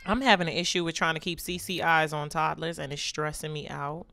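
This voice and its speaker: A woman with a slightly low voice gives a sassy, joking running commentary as she plays a life-simulation game. She teases the characters constantly, with the easy chatter of a gaming channel host. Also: fairly even intonation, a little fast, vocal fry, bright, forceful tone, dry recording. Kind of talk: let's play commentary.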